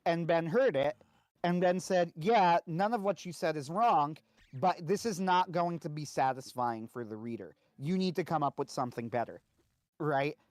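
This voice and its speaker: A man's voice: a little high, normal speed, darkish tone, no room sound. A man co-hosting a casual podcast discussion, talking conversationally and often checking in with "right?". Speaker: co-host.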